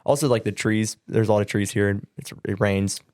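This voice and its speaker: Young male guest, slightly low, relaxed and rambling, dry close mic. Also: fairly quick, dry recording. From Southern California. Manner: easygoing, rambling, lots of likes and ums. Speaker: student pastor. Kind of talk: casual podcast guest chat.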